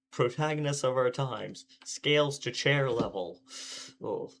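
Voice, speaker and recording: A man's voice: mid-range voice, unhurried, gravelly, a bit bright, a little hiss or hum. A man streaming a visual novel, commenting in a sarcastic, playful and mock-dramatic way. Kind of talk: let's play commentary.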